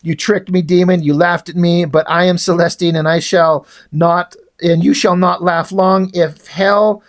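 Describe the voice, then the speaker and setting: A man's voice: high-pitched, fairly even intonation, measured pace. A man voicing a grim, vengeful female angel from a comic, declaiming her lines solemnly.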